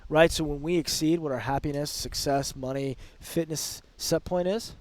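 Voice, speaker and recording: A man speaking as a podcast guest, giving energetic, emphatic coaching talk and often quoting example phrases. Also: on the high side, moderate pace, no echo.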